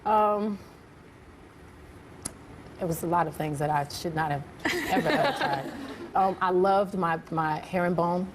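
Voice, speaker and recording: A woman guest on a television talk show, soft-spoken and giggly, hesitating with small ums as she answers. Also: on the low side, a little slow, long pauses. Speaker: celebrity guest. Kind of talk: casual talk show interview. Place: TV studio with live audience. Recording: noisy studio audience.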